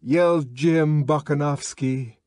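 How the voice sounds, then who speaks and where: A man's voice: a little high, slow pace, darkish tone, no room sound, studio quality. A man narrating an audiobook in a dramatic, scripted reading.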